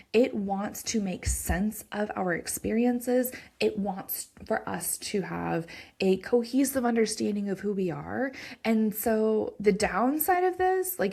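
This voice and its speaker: Woman, 30s, psychologist podcast host, conversational, animated, middle-pitched voice. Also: breathy edge. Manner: conversational, animated, frequent "like" and "right?". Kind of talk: casual educational monologue.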